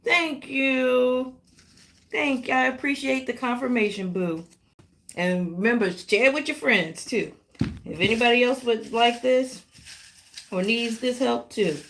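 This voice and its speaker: A woman hosting a live tarot reading, talking warmly and directly to her viewers with pet names and playful exclamations. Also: on the high side, a little slow, vocal fry, slight background noise. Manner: affectionate, animated, talks directly to viewers. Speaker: tarot reader.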